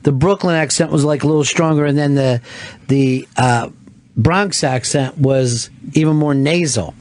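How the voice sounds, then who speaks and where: A man's voice: on the high side, normal speed, darkish tone, dry recording. A man hosting a talk radio show, joking and swearing in casual banter with callers. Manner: profane, joking, laughs often.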